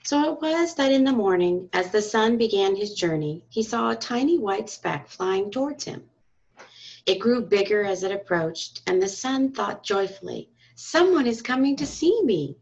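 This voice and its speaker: A woman reading a storybook aloud to school children and parents, in a calm, expressive storytelling manner. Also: medium pitch, moderate pace, vocal fry. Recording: dull lo-fi recording.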